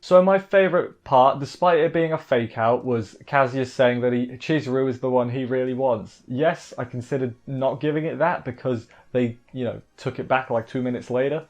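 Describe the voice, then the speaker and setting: A man giving a casual, excitable episode recap review, often breaking off mid-sentence to restart. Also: medium pitch, moderate pace, few pauses. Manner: excitable, exasperated, self-interrupting. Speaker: anime reviewer.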